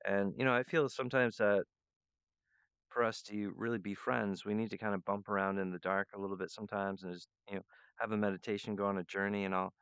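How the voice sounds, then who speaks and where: A host of his own show, this man talks at a quick clip with a flat delivery and a fairly low pitch. His tone is clear, resonant, and a bit bright as he drifts through a loose, free-associating monologue. The sound is dull, lo-fi, and dry, with no room sound.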